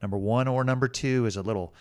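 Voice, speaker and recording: A middle-aged man co-hosting a podcast, telling a story deliberately and often correcting himself mid-sentence. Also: medium pitch. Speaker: podcast co-host. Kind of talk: casual podcast conversation.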